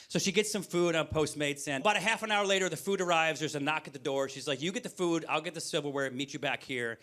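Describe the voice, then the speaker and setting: A man in his forties doing stand-up comedy, animatedly acting out both sides of conversations with quick voice shifts. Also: a little high, a bit bright. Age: 40s. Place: brewery stage before a live audience.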